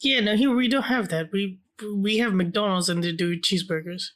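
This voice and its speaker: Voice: medium pitch, normal speed, fairly bright tone. A podcast co-host in casual chat, laid-back and hesitant, with many fillers.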